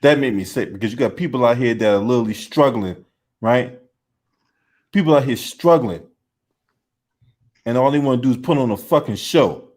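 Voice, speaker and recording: A man's voice: mid-range voice, moderate pace, long pauses, a little mellow. A man hosting a casual commentary chat in a blunt, profane and indignant way. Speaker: host.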